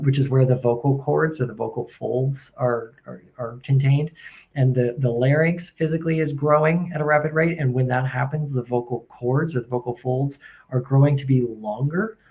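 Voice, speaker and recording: A male pediatrician, a guest on a podcast, explaining things in a casual way with frequent pauses, restarts and everyday comparisons. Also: medium pitch, darkish tone. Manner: hesitant, restarts often, explains with analogies.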